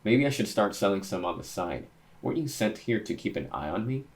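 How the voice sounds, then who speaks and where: A young man with a deep, low voice reads a comic chapter aloud and reacts as he goes. He talks casually, thinks out loud and gets excitable at each new panel. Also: brisk. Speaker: manga reaction host.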